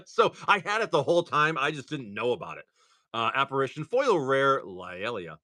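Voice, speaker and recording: A man's voice: mid-range voice, big pitch swings, normal speed, sharp tone. A man hosting a casual livestream, rambling through stories full of "like" while opening trading cards. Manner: rambling storyteller, lots of "like".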